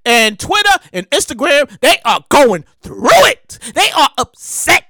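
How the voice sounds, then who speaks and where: A man giving excitable, slangy, casual commentary, often loud and drawn out on exclamations. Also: very high voice, a little slow, no room sound.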